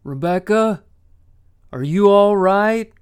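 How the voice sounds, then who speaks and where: Narrator doing an anxious, shifty husband, shouting, raised pitch. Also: male voice, animated, unhurried, smooth. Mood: shouting anxiously. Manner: shouting across a distance.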